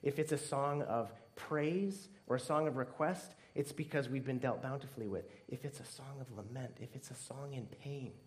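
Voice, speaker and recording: A man preaching a sermon earnestly, swinging between emphatic stress and hushed, tearful softness. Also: mid-range voice, normal speed, few pauses. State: near tears at times.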